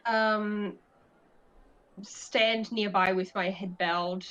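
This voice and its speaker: A woman's voice: medium pitch, fairly even intonation, very slow, a bit bright. A woman playing a tabletop game, asking practical questions about the scene. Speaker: player. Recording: dull lo-fi audio.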